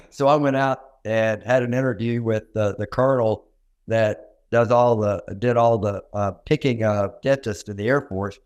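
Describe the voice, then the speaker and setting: An older man from Arkansas with a Southern accent, appearing as a dentist guest in an interview, tells stories in a folksy, self-deprecating, conversational way. His voice is on the low side and darkish, clear and resonant, at a moderate pace, though the audio is dull.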